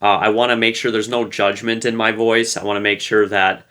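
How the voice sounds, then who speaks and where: A man talks casually to camera, sharing social advice in a relaxed, playful way. His voice sits fairly low and has a bright, forceful edge, and he fills his sentences with loose fillers and restarts. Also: fairly quick. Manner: loose and conversational, full of fillers; playful, light-hearted. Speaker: relationship advice creator.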